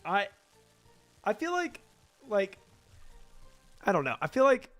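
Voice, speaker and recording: A man's voice: high voice, wildly swooping pitch, slow, a bit bright, faint music behind. A man streaming a game, chatting casually with his chat and rambling, then trailing off into mumbled talk about the game. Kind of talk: casual gameplay chat reading chat.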